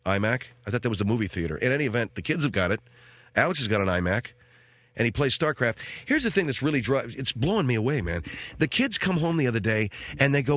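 Middle-aged guy on a talk show, rambling jokey rant, pitch jumps all over, dry close sound. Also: fairly bright tone, no room sound. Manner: rambling, wisecracking, mimics people. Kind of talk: comic rant to co-hosts.

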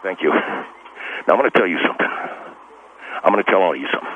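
A man doing a rambling, defensive Texas softball coach with a low, rumbling voice. He talks in long, self-correcting runs. The line is tinny like a telephone, with a faint hiss behind it. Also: expressive, fast talker. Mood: blustering. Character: blustery, long-winded middle-aged male girls' softball coach. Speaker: caller. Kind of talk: radio comedy call-in bit.

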